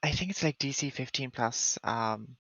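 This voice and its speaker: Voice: medium pitch, moderate pace, fairly bright tone, dry recording, dull audio. A tabletop game player chatting casually and laughing often. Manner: giggly, chatty.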